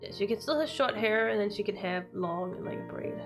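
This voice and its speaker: A woman's voice: mid-range voice, fairly quick, music in the background. A young woman streaming a visual novel, reading the story text aloud and chatting casually with a friend, laughing often.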